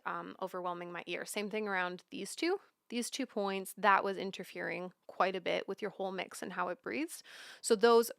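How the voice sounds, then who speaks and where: A woman's voice: medium pitch, creaky, a bit bright, smooth, no room sound, clean studio sound. A young woman, a mixing engineer from Canada, gives casual, chatty feedback on a listener's track, full of "like" fillers and asides to herself. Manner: chatty, many "like" fillers, talks to herself while working. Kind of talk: live mix critique, casual instruction. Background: track playing in the session.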